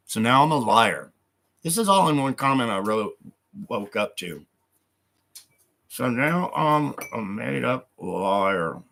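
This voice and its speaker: A man's voice: medium pitch, lively intonation, takes it slowly, gravelly, long pauses, a bit bright. A man on a live stream who reads hostile comments aloud and answers them in an angry, profane rant, speaking of God with heavy conviction.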